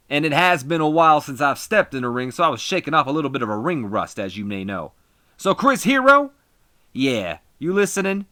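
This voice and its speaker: Man doing a loud, cocky wrestler ranting. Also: mid-range voice, dry recording, clean studio sound. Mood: taunting. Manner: loud taunting ring promo. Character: brash cocky male wrestler ranting in the ring.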